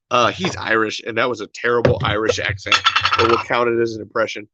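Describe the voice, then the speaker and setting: Man, casual livestream rant, exasperated and rambling, bright edge, dry slightly dull mic. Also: on the low side, flat delivery, brisk, no echo. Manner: exasperated, rambling, repeats himself. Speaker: podcast host.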